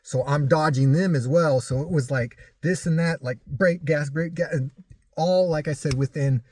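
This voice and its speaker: A man casually recounting a personal story in halting speech, full of restarts and fillers. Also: fairly high pitch, a little mellow, no echo. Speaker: vlogger recounting a crash.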